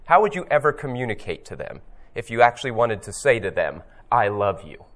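A man's voice: mid-range voice, sing-song, brisk, a bit bright. A man voicing personified Death as proud and unbending, with indignant, insistent questions.

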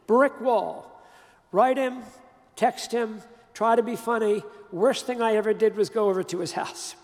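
An older man giving a sermon, telling a personal story in an emphatic, conversational way with pauses and restarts. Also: high-pitched, in a large hall. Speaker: preacher.

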